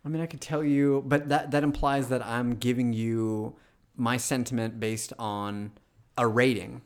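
A man's voice: medium pitch, steady tone, measured pace, clean tone. A young adult man co-hosting a podcast in casual chat, dry and contrarian, often restarting his sentences as he argues a point. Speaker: podcast co-host.

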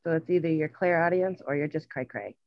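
A woman's voice: deep voice, brisk, no room sound, highs cut off. A woman co-hosting a podcast, dropping joking asides in casual chat. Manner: joking interjections. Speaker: podcast co-host.

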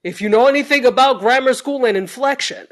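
A woman co-hosting a casual chat, telling stories with emphasis and acting out quotes. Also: sits high. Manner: emphatic, drawn-out storytelling with mock quotes. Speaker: podcast co-host. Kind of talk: casual reality-TV recap chat.

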